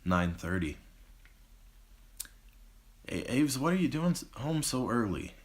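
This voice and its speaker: A man's voice: sits low, lively intonation, moderate pace. Man doing an anxious, pushy mother. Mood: alarmed. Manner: pleading then demanding. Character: worried, insistent mother of a teenage girl.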